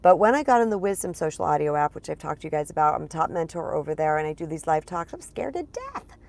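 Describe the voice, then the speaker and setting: A woman with a lowish, gravelly voice talks straight to her viewers as a spiritual coach. Her delivery is loose and chatty, hammering points home by repeating words and calling the audience "you guys.". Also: quick pace, a little mellow. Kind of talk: casual vlog monologue.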